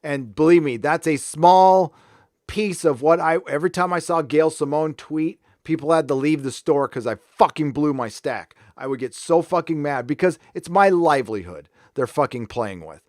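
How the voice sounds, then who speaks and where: A man's voice: on the high side, animated, moderate pace, darkish tone, dry recording, studio quality. A man hosting a live stream, ranting angrily with heavy profanity, then easing into casual chat with viewers. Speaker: livestream host.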